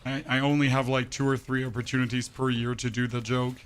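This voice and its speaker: Through a voice changer, a male gaming streamer chats casually with viewers in a brisk, completely flat, mid-range voice, and a little hiss or hum can be heard. He's full of opinions, goes on rants, and frequently fumbles his words.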